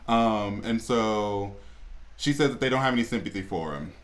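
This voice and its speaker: A man's voice: on the low side, normal speed. A man co-hosting a casual gossip podcast, chatty and opinionated. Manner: chatty, opinionated, quotes celebrities in mocking voices. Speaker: podcast co-host.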